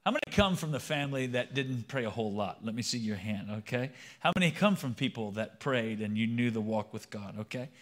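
A man's voice: medium pitch, animated, fairly quick, few pauses, fairly bright tone. Conversational male pastor in his fifties. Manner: conversational, polls the congregation with questions. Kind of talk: sermon.

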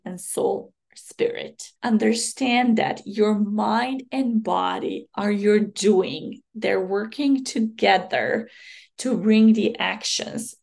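Woman, hoarse, very gravelly, unhurried, motivational podcast host. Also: medium pitch, darkish tone. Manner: slow, reflective, motivational. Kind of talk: solo podcast monologue.

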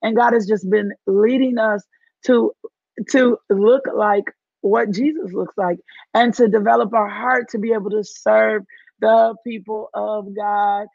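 A woman's voice: mid-range voice, fairly even intonation, measured pace, gravelly, darkish tone, dry recording, lo-fi sound. A woman with a Southern accent leading a live-streamed devotional, preaching fervently and repeating phrases for emphasis. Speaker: women's ministry leader hosting a live stream.

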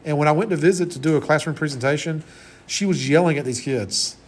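A man's voice: on the high side, fast, breathy edge. A man in his forties giving a conversational classroom lecture as college instructor, often restarting his sentences. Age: 40s.

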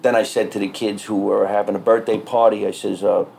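A man, a stand-up comedian, telling stories in casual podcast talk, animated and swearing freely. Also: fairly low pitch, a little fast, creaky, slight background noise. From New Jersey.

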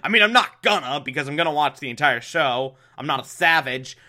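Man, slightly high voice, unhurried sardonic recap delivery, bright tone. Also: expressive. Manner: exasperated, mocking, breaks into laughter and shouts. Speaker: show recapper. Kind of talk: sarcastic episode recap.

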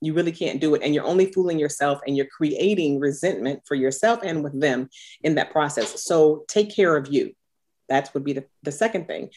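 Low-voiced earnest woman coach. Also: a little mellow. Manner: earnest, unhurried, speaks with conviction. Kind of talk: podcast interview, reflective.

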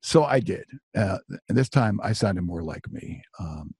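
A middle-aged man tells a personal story with a low, gravelly voice and a very husky, rough texture. The sound is dry and close. His manner is chatty and self-deprecating, with frequent asides. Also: animated, a little slow, a little mellow, no echo. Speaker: author and storyteller.

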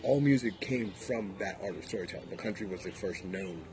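A man's voice: deep voice, a little fast, a little mellow. A man in casual chat, emphatic and opinionated, swearing freely. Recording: background noise.

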